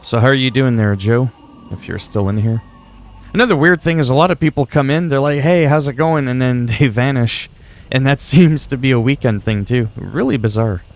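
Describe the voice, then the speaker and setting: A man's voice: medium pitch, lively intonation, moderate pace. Male game streamer from Canada with French as his first language. Rambling, easygoing chat aimed at viewers, mid-range voice. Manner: rambling, chatty, talks to viewers. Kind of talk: casual livestream chat while gaming.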